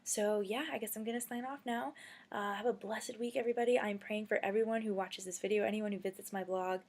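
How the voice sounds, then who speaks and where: A young woman telling faith stories in a casual, chatty video blog, excitable and full of fillers, while feeling under the weather. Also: mid-range voice, quick pace. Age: young adult. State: feeling sick. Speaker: video blogger.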